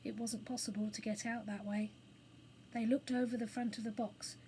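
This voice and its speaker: A woman reading a children's book aloud as storyteller, in a clear, expressive manner. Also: on the high side, normal speed, a little hiss or hum, poor audio.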